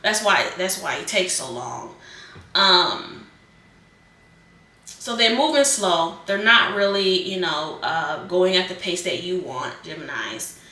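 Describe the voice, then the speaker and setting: A woman giving a casual tarot reading in a bright, clear voice, talking in a loose, rambling way with plenty of fillers. She sits a little back from the mic, and the room around her rings with echo. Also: lowish voice, expressive, slow, far from the mic. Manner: chatty, rambling, repeats phrases and fillers. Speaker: tarot reader.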